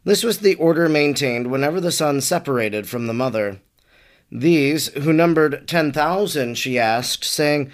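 A man, a priest, reading an old devotional text aloud in a measured, reverent way. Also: on the high side, animated.

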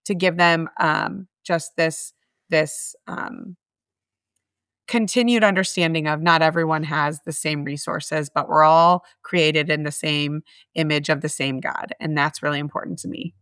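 A woman's voice: low-pitched, steady tone, unhurried, a bit bright, clear, resonant tone, no room sound, clean studio sound. A middle-aged woman being interviewed about her work at a mission, talking in an earnest, heartfelt way with frequent restarts. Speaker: guest, homeless mission staff. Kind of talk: conversational interview.

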